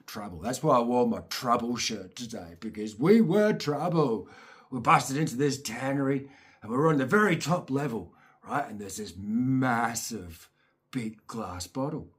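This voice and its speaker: A man tells a long childhood story in a loose, chatty way, swearing freely as he goes. His voice is husky and a little rough around the edges. He keeps his pitch at an ordinary middle height. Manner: rambling, profane, chatty. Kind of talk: casual spoken storytelling.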